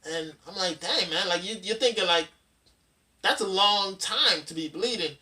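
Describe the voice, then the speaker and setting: Chatty dad vlogger, a little off-mic. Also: male voice, sits high, moderate pace, bright, forceful tone. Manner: rambling, chatty, with frequent fillers and loose restarts. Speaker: dad vlogger hosting his channel. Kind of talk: casual advice vlog counting down a list. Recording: voice somewhat distant from the mic.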